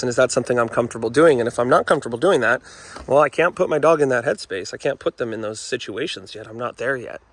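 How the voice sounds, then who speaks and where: Talking quickly at a medium pitch, this man trains dogs and addresses the camera in a relaxed but earnest instructional way. Dogs are nearby in the indoor setting, and he leans on "folks" and "you know" as he makes his point.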